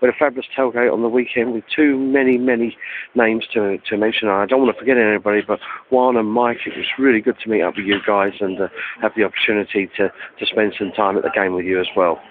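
A man sends a chatty phoned-in message from an airport, thanking people between hesitant fillers. His voice is fairly low and comes through a tinny line with faint hiss. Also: flat delivery, fast. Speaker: fan correspondent.

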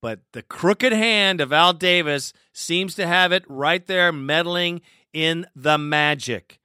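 A man's voice: fairly high pitch, takes it slowly, sharp tone, smooth, no room sound, clean studio sound. A man delivering a heated, profane sports rant as a fan and commentator.

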